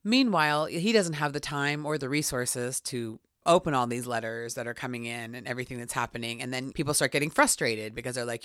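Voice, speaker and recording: A woman's voice: rumbling low, moderate pace, dry recording, clean studio sound. A woman telling a true story in casual podcast chat, acting out quotes with lots of "like" and "you know". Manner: animated, acts out quotes, many "like"s. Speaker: podcast host.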